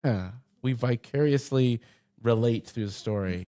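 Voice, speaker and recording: Mellow-voiced man chatting about scripture. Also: unhurried, dry recording, clean studio sound. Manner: animated, jumps into high pitch for jokes and read-outs. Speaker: pastor. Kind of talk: casual conversational Bible discussion.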